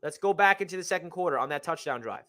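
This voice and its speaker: High, bright-voiced excited sports fan man. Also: fast. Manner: energetic, rambling, self-correcting. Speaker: sports fan channel host. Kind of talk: excited game recap.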